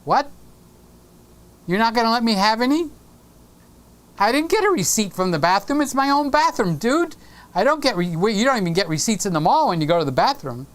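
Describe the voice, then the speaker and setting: A man's voice: high voice, very animated, brisk, long pauses. A man hosting a casual live stream from his home studio, playfully teasing viewers and greeting them by name.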